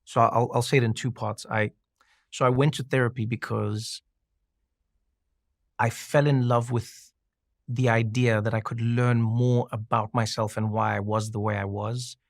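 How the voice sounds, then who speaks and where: A man talking casually on a podcast, an animated storyteller who acts out the people he quotes. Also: medium pitch, normal speed, gravelly, no room sound, studio quality. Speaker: podcast guest. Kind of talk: casual conversation.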